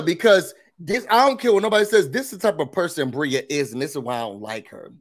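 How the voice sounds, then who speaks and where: A man with a somewhat high voice hosts a casual reality TV recap. He speaks emphatically and sprinkles in blunt, opinionated asides.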